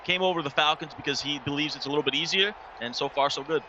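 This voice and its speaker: A man's voice: a little high, very fast, dull audio, crowd noise, background noise. A man giving color commentary on a football video game, breaking down plays and coaching viewers. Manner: explanatory, coaching asides to viewers.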